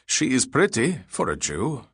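A man's voice: medium pitch, wildly swooping pitch, a little slow, a bit bright, breathy edge, no room sound, studio quality, voice pushed up, exaggerated voice. A man voicing a brash male gunman who mocks his partner and the captives in an audiobook reading. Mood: mocking. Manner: jeering, brash. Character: taunting male gunman, leering and mocking.

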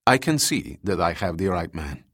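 A man's voice: sits low, sing-song, moderate pace, a bit bright, no echo, studio quality, pitched below the performer's own voice, heavily acted. A man voicing a genial, menacing Soviet agent. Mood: genial menace. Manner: genial, mocking politeness.

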